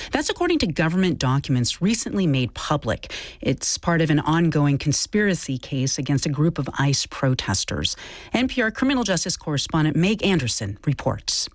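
Female anchor, mid pitch, animated scripted intro, dry studio mic. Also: no room sound. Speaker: news anchor.

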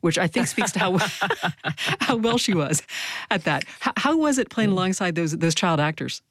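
A woman interviewing a film actor on public radio, measured and curious, reading quotes aloud. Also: fairly low pitch, lively intonation, fairly bright tone, a little hiss or hum. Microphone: studio mic.

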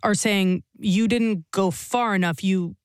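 A woman hosting a news podcast, asking calm, probing questions. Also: medium pitch, slow, clean tone, no echo, clean studio sound. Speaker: podcast host.

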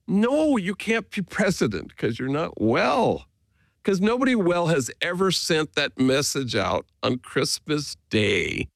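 A man, a priest being interviewed, speaking earnestly and gently as he tells stories. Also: mid-range voice, big pitch swings, normal speed, gravelly, no room sound. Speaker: Jesuit priest, guest. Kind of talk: reflective conversational storytelling.

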